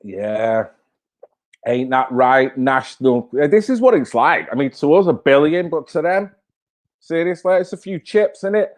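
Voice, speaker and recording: A man's voice: fairly high pitch, animated, normal speed. A man hosting his own channel, talking in a blunt, fired-up way with swearing and rhetorical questions. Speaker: channel host. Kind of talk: casual live-stream commentary.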